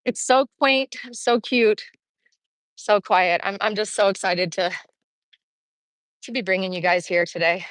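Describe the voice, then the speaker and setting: A woman's voice: medium pitch, steady tone, measured pace, pauses often, fairly bright tone, dry recording, rough recording. A middle-aged woman livestreaming from her phone as she walks a town street outdoors, chatty and upbeat and out of breath. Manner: chatty, upbeat, talks while walking. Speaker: vlogger streaming live. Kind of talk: casual walking livestream chat. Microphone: phone held while walking.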